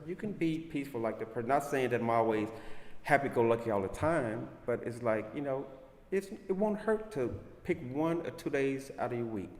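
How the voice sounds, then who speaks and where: Earnest man in an echoey room. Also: medium pitch. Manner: earnest and warm-hearted, repeats "you know what I'm saying". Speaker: interview guest. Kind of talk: casual interview chat. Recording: echoey room with long reverb.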